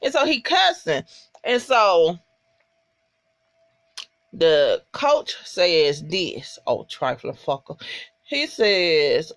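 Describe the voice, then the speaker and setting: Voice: mid-range voice, big pitch swings, very slow, long pauses, a bit bright, no room sound, clean studio sound. A vlogger recapping a TV episode in casual, profane, emphatic storytelling and talking straight to viewers. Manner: talks straight to viewers as "y'all".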